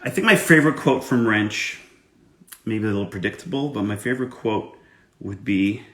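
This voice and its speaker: While signing autographs live, a male voice actor chats casually and makes self-deprecating jokes about his own drawing as he draws and writes. His voice is lowish and fairly bright at a moderate pace, with a reverberant sound.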